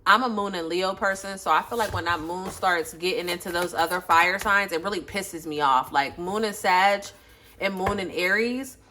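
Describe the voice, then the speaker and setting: Woman tarot reader for a casual reading, lowish voice, blunt and profane, phone mic with audible noise and clicks behind her. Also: moderate pace, bright, forceful tone. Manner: chatty, blunt and profane, with loose slangy talk. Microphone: phone, face off camera.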